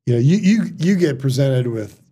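A middle-aged man, a surgeon, telling stories in casual chat, halting with restarts and quoted dialogue. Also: medium pitch, expressive, warm tone, husky. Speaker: surgeon guest.

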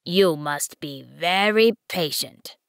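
A woman voicing a wise, patient male fox in an audiobook, speaking in a measured, earnest way. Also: lowish voice, clear, resonant tone, no room sound, studio quality. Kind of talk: audiobook reading.

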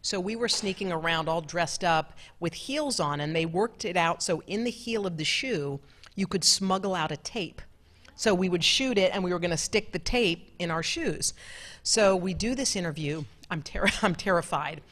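Middle-aged woman telling stories at an event, laughs a lot, kinda low voice. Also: normal speed. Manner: lively, laughing, chatty storyteller. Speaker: television co-anchor giving a talk. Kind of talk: storytelling talk with audience Q&A. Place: large club event room.

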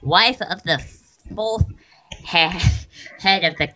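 A man voicing a gruff, husky older woman who is the wife of a crime boss, sneering and bossy, for a game playthrough. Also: sits high, takes it slowly, sharp tone, a little hiss or hum, voice pushed up, full character voice. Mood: menacing.

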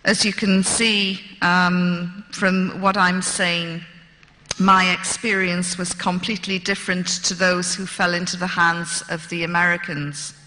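A woman's voice: fairly low pitch, level tone, measured pace, bright, forceful tone. A woman telling a humorous personal story in a lecture, with dry, wry delivery. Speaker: speaker. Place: lecture hall. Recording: lecture hall reverb.

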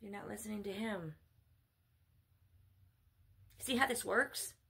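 A woman's voice: medium pitch, slow pace, creaky, sharp tone, breathy edge. A woman delivering a blunt, scolding sermon monologue. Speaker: self-styled spiritual mother preaching.

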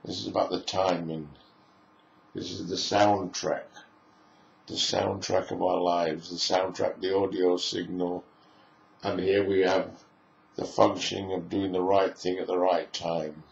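A low, gravelly male voice delivers a lecture at an unhurried, musing pace, stringing together long lists of phrases. The recording is roomy and a little dull and lo-fi, with a faint hiss underneath. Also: level tone. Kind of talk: spoken lecture. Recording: echoey room, dull lo-fi sound.

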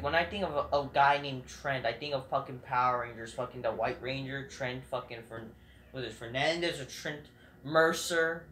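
A man's voice: mid-range voice, pushed and bright, reverberant, a little hiss or hum. A man ranting in a wrestling review vlog, angry, cursing nonstop and rambling through restarts. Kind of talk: profane ranting commentary.

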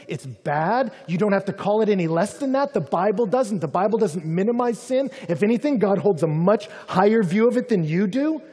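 A man preaching a sermon, animated, often acting out angry voices. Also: high voice, breathy edge, in a large hall. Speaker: pastor.

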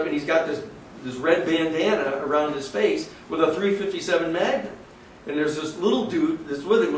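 A man tells a long story to a class, full of fillers, restarts and vivid detail. His voice sits a little high. He is recorded from a distance in a very echoey room with a faint hiss underneath. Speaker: lecturer. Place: classroom or lecture hall.

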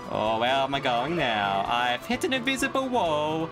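Speaking a little slowly with few pauses in a mid-range voice, a young gaming YouTuber plays over background game music. His live commentary is jokey and excitable, aimed at both the game and his chat.

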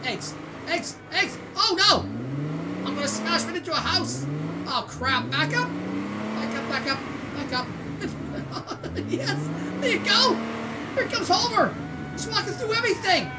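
A woman from Canada hosting a gaming channel, giving excitable let's-play commentary with squeals, shouts and laughter. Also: high voice, unhurried. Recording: distant mic with loud game noise.

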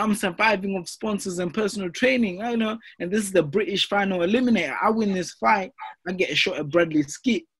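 Man, husky voice, boxer being interviewed, animated storyteller, lots of fillers. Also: fairly high pitch. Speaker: professional boxer, interview guest.

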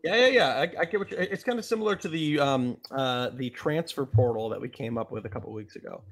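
A man's voice: medium pitch, lively intonation, quick pace. A man co-hosting a casual baseball chat show in a playful, jokey way, easily going along with the other host. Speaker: podcast co-host.

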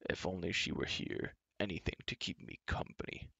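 A man's voice: lowish voice, drawn-out words, creaky, fairly bright tone, dry recording, lo-fi sound, exaggerated voice. A man voicing an anxious, lonely male giant with a quavering voice, read from a storybook.

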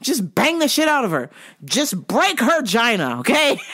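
A woman hosting her own show, delivering a profane comedic rant. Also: fairly high pitch. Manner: profane, animated ranting. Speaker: vlog host.

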